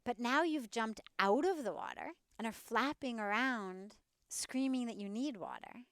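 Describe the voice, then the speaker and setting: A woman's voice: fairly high pitch, a little slow, a bit bright, no room sound, studio quality, pitched above the performer's own voice. A woman playing an exasperated, frustrated man. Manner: exasperated, scolding. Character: frustrated man yearning for God. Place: outdoors.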